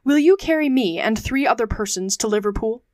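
A woman reading the part of a composed English gentleman traveller in an audiobook, asking calm, even questions. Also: on the high side, brisk, no room sound, clean studio sound, natural voice.

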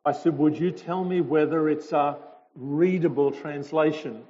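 A man's voice: on the high side, steady tone, unhurried, a little mellow. A man, a visiting speaker telling stories to a congregation in a chatty way with hesitations. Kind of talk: informal talk to a congregation. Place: church hall. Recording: dull lo-fi sound with a long hall reverb.

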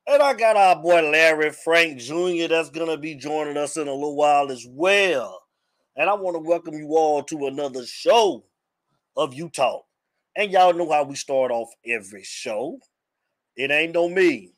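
A man's voice: fairly high pitch, moderate pace. A man hosting a live sports podcast in a casual way, greeting chat viewers by name and repeating his questions. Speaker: podcast host.

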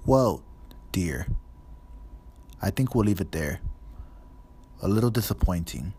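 A man's voice: low-pitched, expressive, slow pace, dark tone, a little hiss or hum. Man doing a dreamy, fussy old woman seer. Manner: airy, dreamy, condescending, calls people dear. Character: dreamy fussy older female divination teacher.

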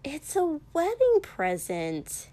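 A woman voicing Mina, a cheerful, blunt young woman who teases her friends, in a slow audiobook reading. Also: sits high, wildly swooping pitch, warm tone, voice pushed up, full character voice. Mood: teasing.

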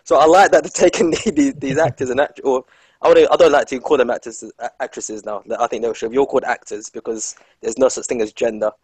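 Man, casual co-host, rambling, jokey, husky, dry sound. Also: medium pitch, steady tone, fast, darkish tone, dry recording. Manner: rambling, lots of fillers and restarts, jokey. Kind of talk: casual chat.

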